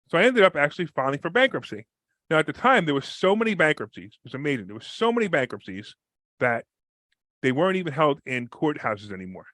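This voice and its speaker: A man with a rather high voice talks at a brisk, rushing pace, recounting his story as a guest on a podcast. He bursts into the voices of the people he quotes, with sudden leaps in pitch. The recording is dry and close, with no room sound. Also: dry recording. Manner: fast, energetic, acts out quoted people with big pitch jumps. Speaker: real estate investor guest. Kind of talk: animated storytelling in a podcast interview.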